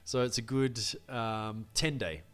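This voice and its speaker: A man narrating as game master in a tabletop game, relaxed and descriptive. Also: medium pitch, a little slow, clean tone, soft background music.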